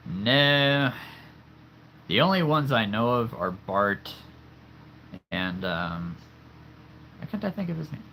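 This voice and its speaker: A man's voice: medium pitch, big pitch swings, slow pace, vocal fry, long pauses, bright, forceful tone, a little hiss or hum. A man in his thirties chatting casually on a livestream from his home, rambling and laughing often at himself. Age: 30s. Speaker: streamer showing his figure collection. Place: home room with toy figures.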